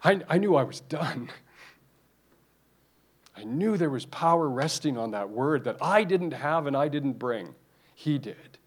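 A man's voice: fairly high pitch, animated, unhurried, pauses often, breathy edge. A man preaching a sermon, emphatic and repetitive, often restarting his phrases.

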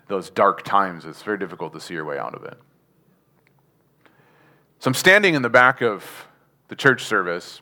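A man's voice: lowish voice, pushed and bright. A man giving a sermon testimony, telling his story earnestly with chuckles and asking the congregation questions. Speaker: preacher.

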